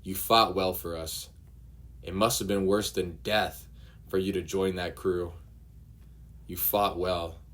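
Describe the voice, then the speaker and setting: Casting: man playing a protective older villager, low-pitched and firm, slow and steady. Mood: earnest.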